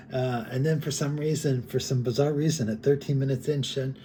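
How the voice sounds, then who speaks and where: A man's voice: mid-range voice, steady tone, unhurried, mellow, slight background noise. A man talking casually and rambling, chuckling as he comments on other creators' videos. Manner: rambling, chuckling, heavy on fillers. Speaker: commentary vlogger.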